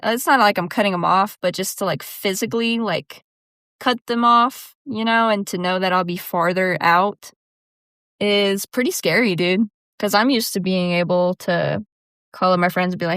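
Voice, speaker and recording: A woman's voice: mid-range voice, moderate pace, a bit bright, dry recording, studio quality. A young woman hosting her own podcast, talking casually on her own, laughing often and peppering her speech with "dude" and "like.". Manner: chatty, laughs often, says "dude" and "like" a lot. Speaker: podcast host. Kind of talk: casual solo monologue.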